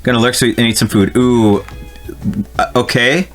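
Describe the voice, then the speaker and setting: A man's voice: medium pitch, fairly even intonation, normal speed, faint music behind. A man from New Jersey streaming a video game, chatting casually with his viewers, laughing and swearing often as he reads the game text aloud. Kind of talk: casual let's-play commentary.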